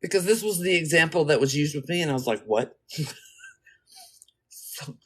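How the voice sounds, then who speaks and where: A woman vlogger telling a story in a casual monologue, blunt, profane and animated. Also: low-pitched, normal speed.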